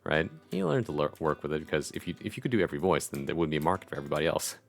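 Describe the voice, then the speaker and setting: A man's voice: a bass voice, expressive, very fast, vocal fry, soft background music. A man hosting a livestreamed talk show, chatting casually and playfully. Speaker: streaming show host. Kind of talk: casual chat.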